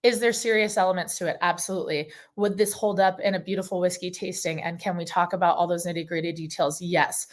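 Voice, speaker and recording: A woman's voice: lowish voice, steady tone, fast talker, few pauses. A woman giving a live seminar presentation as a brand ambassador, talking enthusiastically and casually with frequent ums.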